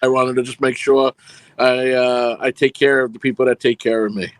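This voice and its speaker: A man with a New York accent, a film producer guest on a video call, speaking in a measured way with many pauses and uh's. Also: mid-range voice, level tone, no room sound. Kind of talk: casual interview chat.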